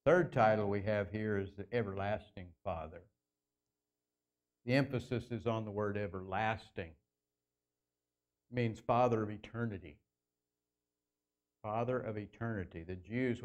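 A man preaching a sermon as pastor in a church, earnest, slowing down and lifting his voice to stress key phrases. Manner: earnest preaching, slows and lifts pitch for emphasis. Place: church sanctuary.

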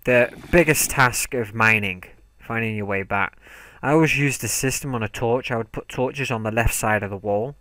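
A man's voice: mid-range voice, moderate pace, hardly any pauses, pushed and bright, no room sound. A young man giving let's play commentary, talking to himself and yelping when startled. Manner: jumpy, talks to himself, yelps when startled. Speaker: gaming commentator.

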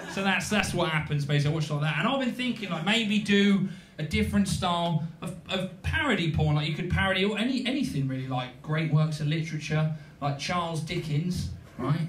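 A young man in his twenties performing live stand-up comedy in a small venue, animated and playful with dry asides. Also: high voice, a little hiss or hum. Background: audience laughter.

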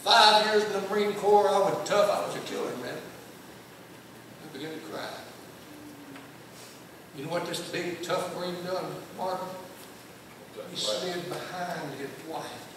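A man's voice: high voice, unhurried, long pauses, noisy background. An older man preaching a sermon, telling a long personal story in a folksy, emphatic way. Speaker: guest preacher. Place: church sanctuary. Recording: echoey church hall from far off.

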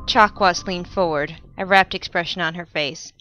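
A woman's voice: lowish voice, fairly even intonation, moderate pace, bright, forceful tone, rough recording. Woman narrating her own fanfiction over music. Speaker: fanfiction author reading her own story. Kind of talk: narrated audiobook-style reading. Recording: music playing behind the voice. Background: background music.

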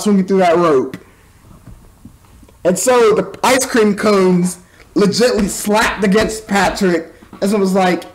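A man's voice: high-pitched, vocal fry. A man casually recapping and reviewing a movie, rambling with stumbling restarts and mocking asides. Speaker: film reviewer.

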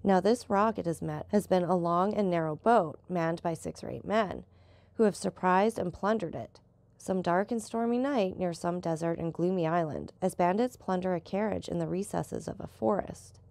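Woman narrator doing a steady old-hand boat captain, explaining, gravelly texture. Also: on the low side, moderate pace, no echo. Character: seasoned male boat captain, calm and knowing.

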